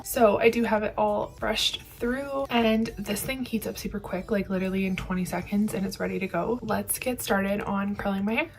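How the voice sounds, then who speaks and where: A young woman vlogger chatting upbeat through a hair curling tutorial, explaining each step as she goes. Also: medium pitch. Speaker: beauty vlogger.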